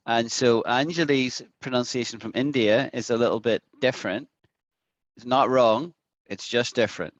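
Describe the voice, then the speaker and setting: A man's voice: medium pitch, no echo, lo-fi sound. A man with an Irish accent teaching an online English lesson over a video call, patiently repeating words to demonstrate them. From Ireland.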